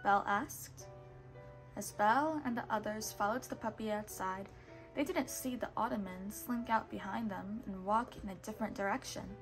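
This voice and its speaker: A woman reading a children's storybook aloud in a steady, patient way, now and then correcting a word. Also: medium pitch, moderate pace, faint music behind. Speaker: storybook reader.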